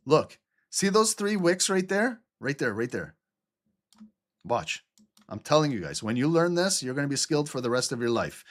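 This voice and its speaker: A man from Albania teaching a live trading lesson over a screen share, animated and talkative, repeating "okay?" and "look" and swearing now and then. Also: on the high side. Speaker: trading instructor.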